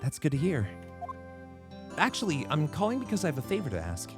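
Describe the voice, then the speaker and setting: A man voicing a calm, caring older sister asking a favor over the phone. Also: fairly high pitch, a little fast, music in the background, voice pushed up. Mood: gentle.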